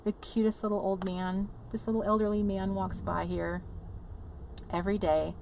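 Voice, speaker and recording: A woman's voice: mid-range voice, level tone, normal speed, vocal fry, dark tone, a little hiss or hum. A woman hosting a casual livestream from inside an RV, rambling chattily, laughing often and reading viewer comments aloud. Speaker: livestream host. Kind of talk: casual live chat with viewers.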